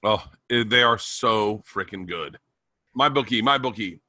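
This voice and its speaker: A man with a bright, forceful mid-pitched voice, recorded close and dry. He rambles through a story in casual podcast talk, restarting his sentences as he goes. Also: a little slow, no room sound. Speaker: podcast co-host. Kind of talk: casual chat.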